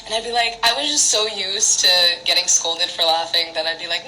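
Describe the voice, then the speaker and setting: A woman's voice: lowish voice, a little fast, hardly any pauses, noisy background. A young woman from Canada chatting casually on a phone livestream at home, rambling through childhood stories with lots of giggles and fillers. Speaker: singer on an Instagram live.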